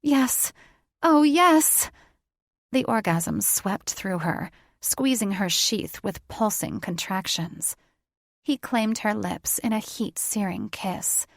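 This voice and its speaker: A woman narrating a romance audiobook with steady, intimate storytelling. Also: medium pitch, slow, creaky, no echo, clean studio sound.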